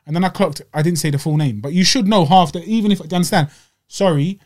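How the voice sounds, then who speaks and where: A young man co-hosting a podcast, telling stories in casual slang and getting louder as he gets riled up. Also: a little high, fast talker. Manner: animated storytelling with slang, voices rising when riled. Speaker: podcast co-host. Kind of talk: casual chat. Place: small home studio.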